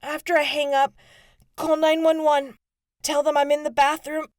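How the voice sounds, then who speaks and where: A woman's voice: high-pitched, level tone, normal speed, dry recording, studio quality, pitched above the performer's own voice, lightly acted. A woman voicing a frightened teenage girl trapped in a fire, strained and short of breath.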